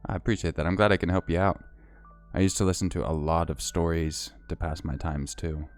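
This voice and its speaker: Low voiced guy on a stream, chill and chatty, thanking viewers one by one. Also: fairly quick, faint music behind. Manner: relaxed, chatty, reads out viewer names and thanks them. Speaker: livestream host. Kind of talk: casual livestream chat.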